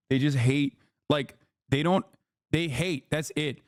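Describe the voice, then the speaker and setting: A man's voice: a little high, slow pace, dry recording, clean studio sound. A male streamer in a profane, exasperated livestream reaction rant.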